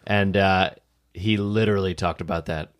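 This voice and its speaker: A man's voice: low-pitched, steady tone, normal speed, clear, resonant tone. A man, a teacher, co-hosting a podcast in casual chat, blunt and opinionated, laughing often.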